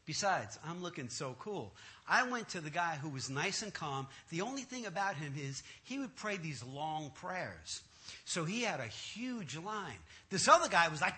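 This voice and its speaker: A man telling a comic personal testimony in an animated, self-mocking way, often laughing at himself. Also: a little high, moderate pace.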